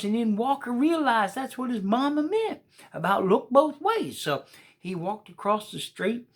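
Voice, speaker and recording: A woman telling a children's story in a folksy, colloquial way and speaking straight to the young listeners. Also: mid-range voice.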